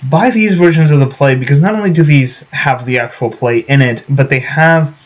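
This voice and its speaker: Young male vlogger, mid pitch, loose rambling delivery. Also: normal speed, rough recording. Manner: rambling, full of restarts and fillers. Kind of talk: casual vlog talk.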